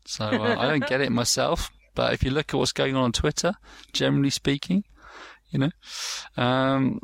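A man with a gravelly, creaky voice chats casually, rambling through fillers and false starts as he acts out bits of dialogue. His voice sits at a middling pitch and sounds close and dry, with no room around it. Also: normal speed, no echo. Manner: rambling, many fillers and restarts, acts out quotes. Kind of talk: casual chat.

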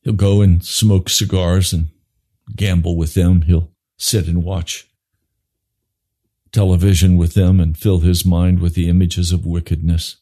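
A man preaching an impassioned sermon, swinging from low grave tones to high urgent pleading. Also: flat delivery, measured pace, mellow.

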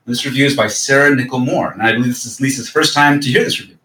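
A man hosting a book podcast, speaking in a measured, formal way and reading a review aloud with expression. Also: mid-range voice, fairly even intonation, pushed and bright, reverberant, poor audio. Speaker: podcast host.

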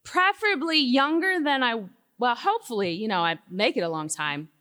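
A middle-aged woman delivering a sermon-style talk in a large hall, her voice carrying a long reverb tail. She tells stories with lively swings, rising into loud, emphatic peaks and then dropping to hushed, quiet lines. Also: a little high, normal speed. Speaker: Christian speaker. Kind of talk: sermon talk to a live audience.

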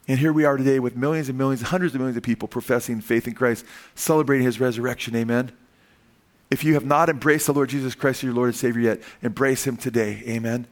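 An older man delivers a sermon as pastor. His preaching is emphatic and punctuated by a questioning "Amen?". When he pleads, his voice climbs in pitch and force. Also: steady tone, fast talker.

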